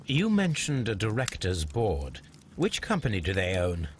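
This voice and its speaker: Sherlock Holmes, lively low voice. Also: male voice, a little slow, a little hiss or hum. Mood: composed. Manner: formal, courteous questioning. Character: shrewd, polite adult male detective. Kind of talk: video game voice acting.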